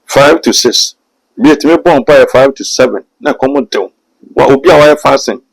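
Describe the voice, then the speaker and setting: A man, a prophet speaking as a guest on a talk show, excitable and laughing easily like a preacher. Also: mid-range voice, normal speed, vocal fry, rough recording.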